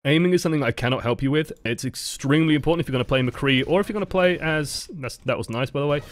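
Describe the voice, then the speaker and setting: A man coaching a player through a recorded match, relaxed and rambling with frequent fillers and self-corrections. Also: a little high, racing. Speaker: game coach. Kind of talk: casual gameplay review commentary.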